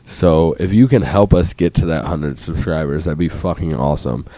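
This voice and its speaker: A young man co-hosting a podcast, a bit tipsy, telling rambling profane stories with sudden loud bursts. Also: very deep voice, moderate pace, no room sound. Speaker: podcast co-host. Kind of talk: casual chat.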